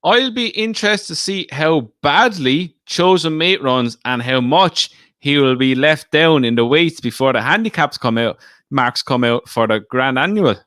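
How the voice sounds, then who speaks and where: A man's voice: fairly high pitch, animated, unhurried, fairly bright tone, dry recording, clean studio sound. A man co-hosting a podcast, chatting casually about betting and teasing his co-host. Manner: teasing, banters.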